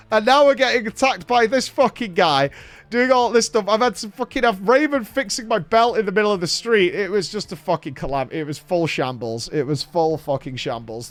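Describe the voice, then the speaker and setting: Animated, swearing man telling a story. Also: high-pitched. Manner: animated, swears a lot, laughs through the story. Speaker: podcast host. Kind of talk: casual storytelling chat.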